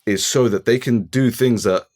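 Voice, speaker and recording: A man's voice: medium pitch, normal speed, a little mellow. A young man co-hosting a studio podcast, talking in a laid-back, agreeable way. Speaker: podcast co-host. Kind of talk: casual chat.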